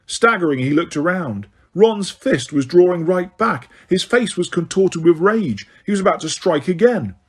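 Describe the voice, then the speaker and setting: A man's voice: on the high side, husky. A man narrating an audiobook, reading expressively with small slips.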